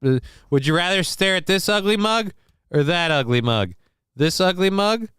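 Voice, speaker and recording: High, smooth-voiced joking man. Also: lively intonation, moderate pace, sharp tone, no echo, studio quality. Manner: crude joking, mock voices, loose rambling. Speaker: host reacting to news clips. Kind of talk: casual comedic commentary.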